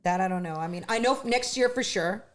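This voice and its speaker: A middle-aged woman, a singer, chatting as an interview guest with lots of restarts and lively retelling. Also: medium pitch, fast talker. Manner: chatty, animated storytelling with many restarts. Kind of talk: casual interview chat.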